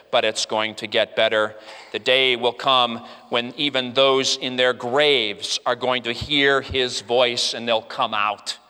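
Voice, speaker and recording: A man preaches a sermon to his congregation in an earnest, smooth voice of medium pitch with a sharp tone. He restarts often with "uh," and his voice rises and falls. The recording carries a long hall reverb.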